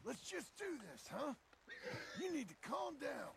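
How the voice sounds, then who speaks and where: An actor playing a gruff frontier cowboy in a video game, speaking in a gravelly drawl as he coaxes and soothes a wild horse. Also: very high voice, sing-song, heavy background noise, exaggerated voice. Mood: soothing. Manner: slow, coaxing, folksy talk to an animal. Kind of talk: video game character dialogue. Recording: game audio with horse sounds.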